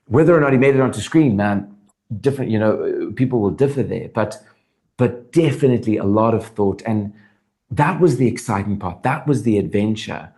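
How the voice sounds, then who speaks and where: A man's voice: fairly low pitch, gravelly. A man from South Africa with a South African accent, a guest talking earnestly in an interview and restarting his thoughts as he goes. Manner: animated, earnest, thinks aloud with restarts. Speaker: actor guest. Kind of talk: interview conversation.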